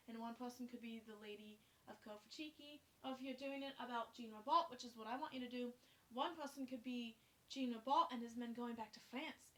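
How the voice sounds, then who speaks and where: A young woman teaches a class, talking students through a task in a friendly, chatty way. She explains each step plainly. Her voice is high. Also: sharp tone. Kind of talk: classroom instruction.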